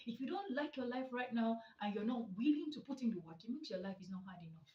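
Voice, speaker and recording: A woman's voice: fairly high pitch, animated, fast talker, few pauses, darkish tone. A woman giving a motivational talk as a therapist, emphatic and rhetorical with mocking asides. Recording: echoey, distant, dull sound.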